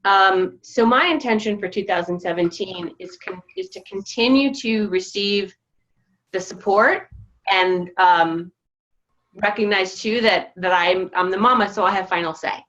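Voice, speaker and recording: A woman sharing her feelings over a group video call, halting and reflective with many pauses and restarts. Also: medium pitch, fairly bright tone, dull audio. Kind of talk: casual personal sharing.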